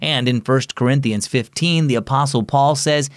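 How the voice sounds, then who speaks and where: A man hosting and narrating a scripted children's devotional story, reading clearly and expressively. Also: medium pitch, normal speed, few pauses, dry recording, studio quality.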